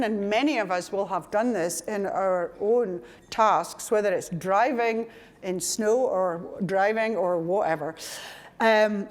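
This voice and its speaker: Scottish woman giving a chatty lecture. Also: mid-range voice. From Scotland. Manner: chatty and digressive, with asides and self-corrections. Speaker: conference speaker. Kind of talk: conference lecture.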